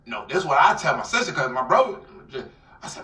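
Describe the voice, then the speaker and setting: A man with an Atlanta accent telling a dramatic personal story in an interview, acting out the voices and swinging between loud outbursts and near-whispers. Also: fairly high pitch, big pitch swings, fast talker. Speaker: guest telling his life story. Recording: roomy, somewhat distant mic.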